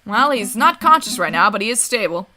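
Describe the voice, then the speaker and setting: A woman voicing a creepy, calm male doctor with a flat, measured delivery while reading a game aloud. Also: mid-range voice, over music, natural voice.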